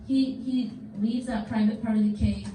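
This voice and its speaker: Woman teacher, kids' Bible lesson, animated and casual, dark mellow voice, echoey distant sound with faint noise. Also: fairly high pitch, normal speed. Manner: animated, casual storytelling with props. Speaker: children's church teacher. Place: church classroom. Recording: roomy, distant mic, faint background noise.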